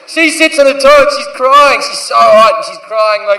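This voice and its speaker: A man's voice: very high voice, moderate pace, bright, forceful tone, a little hiss or hum. A man in his thirties with an Australian accent, doing a crude stand-up routine on a theatre stage and acting out the voices in his story. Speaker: stand-up comedian. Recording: echoey theatre from a distance.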